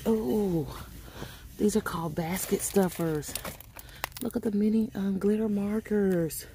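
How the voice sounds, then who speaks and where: A woman's voice: medium pitch, slow pace, mellow, a little hiss or hum. A woman chatting casually to her viewers while she shops in a store, calling them y'all and honey. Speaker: vlogger. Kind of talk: casual shopping vlog. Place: inside a store.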